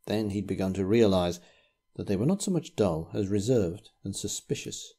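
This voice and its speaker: A man reading a ghost story aloud in a measured, grave storytelling manner. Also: fairly low pitch, expressive, dark tone, husky. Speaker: narrator.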